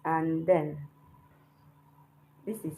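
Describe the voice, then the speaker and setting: Woman, language teacher, slow patient delivery, lowish voice, faint background hiss. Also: fairly even intonation, dark tone, poor audio. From Nigeria. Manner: patient, checks in with frequent "hmm?". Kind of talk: online lesson, explaining while writing characters.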